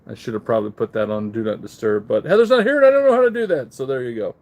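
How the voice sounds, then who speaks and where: A man's voice: medium pitch, very animated, racing, darkish tone. A middle-aged man hosting a live online auction stream, chatting casually and greeting viewers by name, his mouth a bit numb after dental work. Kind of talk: casual livestream chat, reading viewer comments. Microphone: handheld phone camera.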